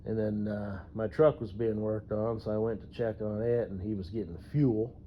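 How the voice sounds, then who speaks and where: A man's voice: on the low side, level tone, normal speed, slight background noise. A man who drives trucks, ranting casually about a coworker, profane and rambling, chuckling to himself. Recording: dull lo-fi recording.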